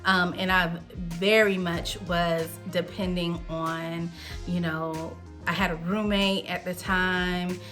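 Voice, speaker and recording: A woman's voice: lowish voice, little pitch movement, slow, fairly bright tone, faint music behind. A woman in her thirties, host of a wine show, telling a personal story in a chatty, candid way. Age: 30s. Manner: chatty, candid, with frequent fillers.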